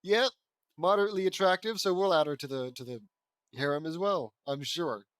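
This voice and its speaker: A man's voice: fairly high pitch, brisk, a bit bright, clean tone, no echo. A man reading fan fiction aloud, mocking the story in asides between lines and raising his voice for the quoted characters. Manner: mocking, wry commentary between read lines.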